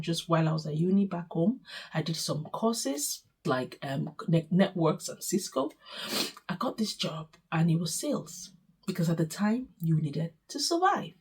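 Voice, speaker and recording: A Nigerian woman in her forties speaks to camera as a vlogger, telling her own life story candidly, emotionally, and without sugarcoating. She has a Nigerian accent and a lowish, darkish voice with a breathy edge.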